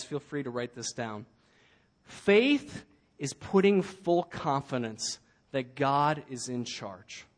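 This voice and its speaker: A man preaching a sermon as pastor, earnest with light humor, slowing down to repeat key phrases. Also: a little high.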